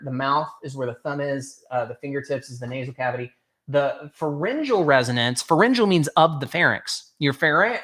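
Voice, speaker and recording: A man's voice: fairly high pitch, fairly bright tone. A man teaching a singing workshop as a vocal coach, explaining patiently, talking straight to the listeners and often correcting himself mid-word. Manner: patient explaining, speaks to listeners directly, frequent self-corrections.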